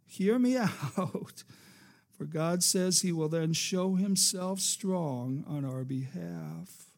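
A man preaches a sermon, in a rather high, gravelly voice. He takes his time, lets his phrases rise and fall for emphasis, and drops to a near hush before asking the congregation for an amen. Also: slow pace. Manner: preacherly, rising and falling for emphasis, calls for amen. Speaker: pastor.

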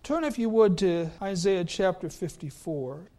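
A male pastor preaching a sermon and reading scripture, deliberate, with his voice sinking soft at the ends of phrases. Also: high voice, lively intonation.

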